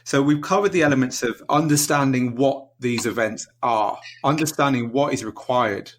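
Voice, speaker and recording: A man's voice: medium pitch, moderate pace. A man hosting an interview, framing his questions thoughtfully while searching for words. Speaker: interview host. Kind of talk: casual interview.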